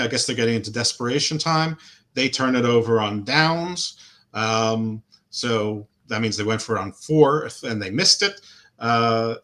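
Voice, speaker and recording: A middle-aged man co-hosts a sports podcast with a bright, forward tone. He rambles through plays in a casual, opinionated way, full of fillers and restarts. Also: mid-range voice. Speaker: podcast co-host.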